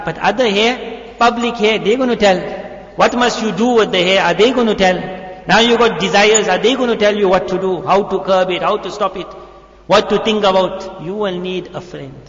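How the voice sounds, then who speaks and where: High-voiced man preaching in an echoey hall. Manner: animated storytelling, acting out voices in quick asides. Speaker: molana giving a youth talk. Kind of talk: sermon. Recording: echoey hall, dull lo-fi audio.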